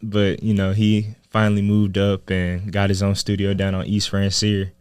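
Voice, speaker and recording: Laid-back young man with low voice. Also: moderate pace, clean tone, dry recording. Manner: relaxed storytelling, laid-back slang. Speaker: guest. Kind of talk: casual interview.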